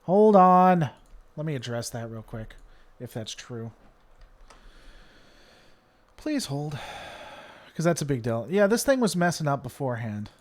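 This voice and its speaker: A man's voice: medium pitch, lively intonation, measured pace, long pauses, darkish tone. A man from Tennessee with a faint Southern American twang, hosting a live stream and chatting casually as he reads and answers viewer comments, rambling with many fillers and restarts. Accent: mild Southern American twang at times.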